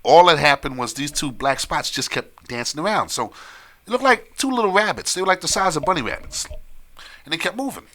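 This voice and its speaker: A man telling a long story in casual chat on a live stream, animated, repeating phrases and laughing often. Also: on the high side, a little fast.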